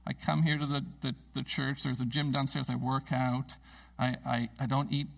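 Gravelly pastor giving a casual sermon. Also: male voice, mid-range voice, moderate pace, far from the mic, poor audio. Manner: conversational, self-deprecating, animated when telling stories. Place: church sanctuary.

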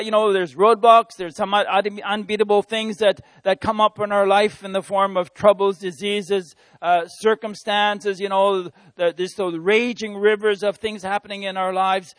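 High-voiced man preaching an earnest sermon. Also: no echo. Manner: earnest, conversational, addresses listeners as friends. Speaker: missionary preacher. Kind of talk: informal sermon.

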